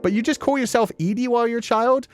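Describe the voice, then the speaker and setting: A man's voice: extremely high pitch, fast, faint music behind. A man streaming from his apartment, chatting casually and laughing often while he plays a game. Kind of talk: casual live-stream commentary while reading a game aloud. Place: home apartment.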